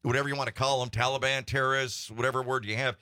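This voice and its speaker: A man's voice: medium pitch, fairly even intonation, fast, sharp tone. A man hosting a local radio talk show, upbeat and earnest as he chats with a guest in the studio. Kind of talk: casual radio chat.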